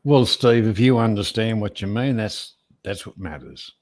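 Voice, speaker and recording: A man's voice: lowish voice, lively intonation, normal speed, a little mellow. A man co-hosting a livestream in casual chat, dry and teasing, swearing casually. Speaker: livestream co-host.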